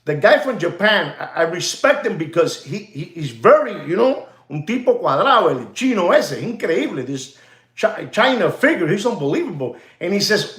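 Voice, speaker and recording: A man hosting a live show, talking in animated, repetitive fashion and slipping in Spanish phrases. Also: sits high, moderate pace, roomy sound. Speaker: host of a live watch market show. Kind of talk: rambling live-stream commentary.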